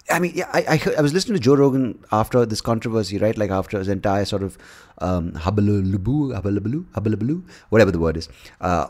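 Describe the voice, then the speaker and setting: A man with a slightly low voice rambles through a solo podcast episode, talking casually and swearing often. He jumps between thoughts with plenty of restarts and an animated, offhand delivery. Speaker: podcast host.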